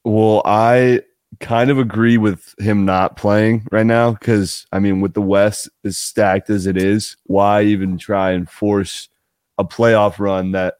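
A man co-hosting a sports podcast in relaxed, casual chat, swearing now and then. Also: lowish voice, takes it slowly, clear, resonant tone, no room sound, clean studio sound. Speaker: podcast co-host.

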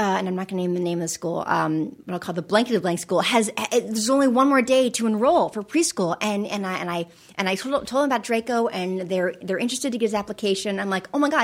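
A woman guest on a podcast, an actress and author, chatting casually and acting out the voices in her stories. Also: medium pitch. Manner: animated, acts out voices in anecdotes. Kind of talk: casual storytelling chat.

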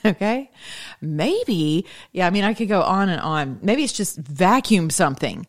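Chatty woman, low voice. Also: very animated, measured pace. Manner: rambling, chatty, laughs often. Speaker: faith vlogger. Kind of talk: casual faith talk.

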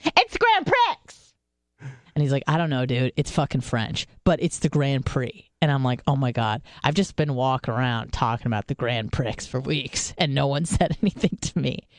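A woman co-hosting a radio talk show, telling stories in a candid, profane way with many fillers and restarts, and jumping much higher when she quotes people. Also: normal speed, few pauses, a little mellow, dry recording. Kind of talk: casual chat, storytelling.

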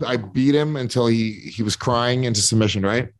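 A man's voice: medium pitch, normal speed, crowd noise. A man hosting a casual podcast, rambling and swearing freely, with stammering restarts. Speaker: podcast host.

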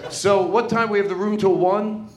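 A man works the crowd in live stand-up banter, rambling and poking fun at himself while hosting a podcast taping. His voice sits a little high for a man. The hotel event room leaves a clear echo on every line. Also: fairly even intonation, normal speed, very noisy. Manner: rambling, self-mocking, chatty with the crowd.

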